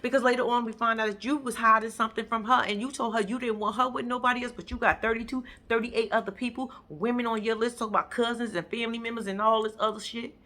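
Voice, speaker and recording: Sassy woman, bright and forceful, doing a blunt, profane show-recap rant. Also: on the high side, fairly even intonation, fast talker, few pauses. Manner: blunt, sassy, profane commentary with sudden loud bursts. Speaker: reality TV recap vlogger. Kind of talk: animated casual recap rant.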